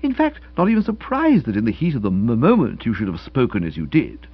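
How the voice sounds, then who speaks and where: A fussy, flustered young author gabbles out excuses in a raised, stammering voice that a man puts on, the pitch leaping about. The sound is husky and a little dull, like a lo-fi audiobook recording. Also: wildly swooping pitch, fairly quick, exaggerated voice. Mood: injured. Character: flustered young male author, talkative and self-justifying. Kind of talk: audiobook character reading.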